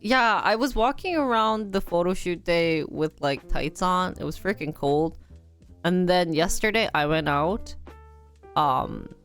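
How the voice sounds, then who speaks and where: A woman's voice: fairly low pitch, lively intonation, a little slow, a bit bright, clean tone, soft background music. A young woman chatting casually on a live stream, giggly and talkative, dropping in Korean words. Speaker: livestreamer.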